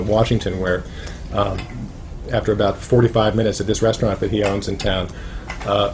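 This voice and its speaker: A man's voice: fairly low pitch, background noise. A man giving an informal talk about his book to a small audience, chatty and wry, with many fillers and restarts. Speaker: author speaking at a roundtable.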